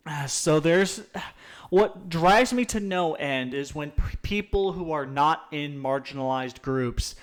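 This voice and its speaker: Animated, swearing young-sounding podcast host. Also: male voice, fairly high pitch, takes it slowly. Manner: animated, profane, rambling with restarts. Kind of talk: casual podcast chat.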